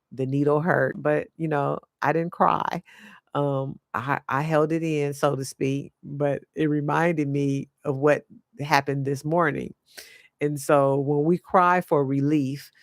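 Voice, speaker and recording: A woman life coach giving an earnest, reflective spiritual talk, often pausing and searching for her words. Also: low-pitched, dry recording, studio quality. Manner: earnest, halting, searches for words mid-sentence.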